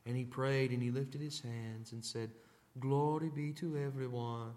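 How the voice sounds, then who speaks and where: A man voicing a lifeless preacher who drones in a flat monotone. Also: measured pace, in a large hall, close to an everyday voice. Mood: droning. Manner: flat monotone, low and quiet. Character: dull droning male preacher, lifeless.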